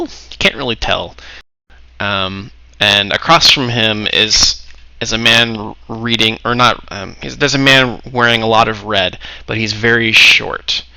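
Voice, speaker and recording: Bright low-voiced male game master. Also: clean tone, dry recording, poor audio. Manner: relaxed, halting narration with many fillers. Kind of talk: narrating a tabletop game.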